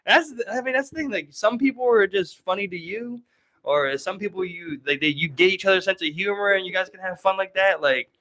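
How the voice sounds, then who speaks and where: A man with a Baltimore accent rattles through casual podcast talk, full of "like"s. His voice is bright and a little high, and he talks fast. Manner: rambling, filler-heavy, many "like"s. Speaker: podcast co-host.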